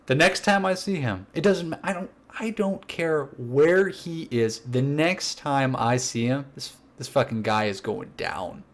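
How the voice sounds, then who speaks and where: A man's voice: mid-range voice, a little slow, few pauses. A young man casually telling a prank story as a podcast co-host, acting out what his coworkers said. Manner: animated, acts out quotes of coworkers; laughs while telling the story.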